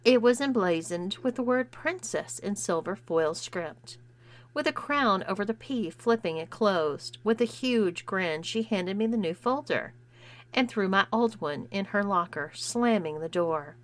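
A woman's voice: mid-range voice, expressive, a little slow. A woman narrating a first-person story and voicing its dialogue herself. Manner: acts out dialogue with shifting voices.

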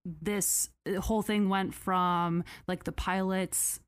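A woman hosting a podcast, retelling a story in a casual, animated, sarcastic way with mock quotes. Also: lowish voice, takes it slowly, clear, resonant tone. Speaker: podcast host.

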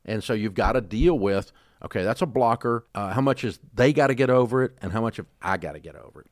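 A man with a very low voice who talks quickly and bluntly, in a folksy way. He is a guest in a casual interview, recorded dry and close with no room sound. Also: animated, no room sound. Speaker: podcast guest.

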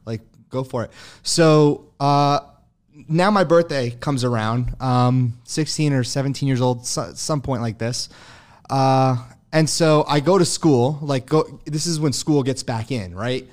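A man's voice: medium pitch, measured pace, darkish tone. A young man as an interview guest, telling his story loosely and profanely with many fillers and frequent chuckles.

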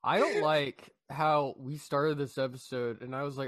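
A man's voice: medium pitch, normal speed, a bit bright, no room sound, clean studio sound. A young man co-hosting a podcast, reacting with crude jokes and swearing. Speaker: podcast co-host. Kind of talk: casual podcast chat.

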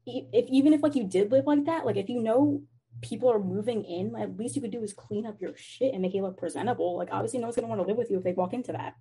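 A young woman tells a story over a video call, animated and full of "like" and swearing. She talks quickly, and her voice is a little breathy and husky. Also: on the high side. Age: young adult.

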